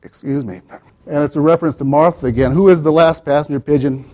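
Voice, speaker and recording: A man's voice: a little high, fairly even intonation, fast talker, mellow. A man giving an academic lecture as the author, digressive, with wry asides and many "you know" fillers.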